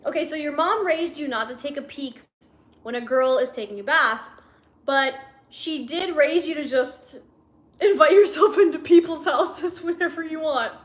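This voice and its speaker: A woman's voice: high voice, normal speed. A young woman livestreaming from home, reading fan fiction aloud and breaking off to laugh and make sarcastic remarks. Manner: laughs often, mocking asides. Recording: echoey room.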